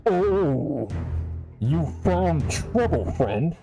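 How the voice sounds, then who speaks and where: A man voicing a menacing big male predator cat, slow, theatrical and muffled as he tries for a deeper voice. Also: animated, music in the background. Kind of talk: voicing game characters on stream.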